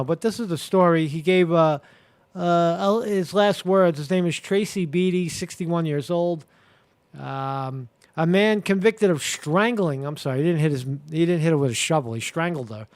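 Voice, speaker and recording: A man hosting a live commentary show, talking casually with many fillers, restarts and crude language. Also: fairly high pitch. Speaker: show host.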